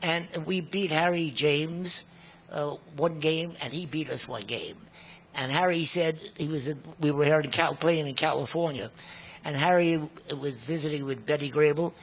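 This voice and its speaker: A man's voice: a little high, normal speed, a little hiss or hum. A man in his nineties, a guest musician, reminiscing in a rambling way, often repeating words and chuckling at his own tales. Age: 90s. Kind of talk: storytelling reminiscence.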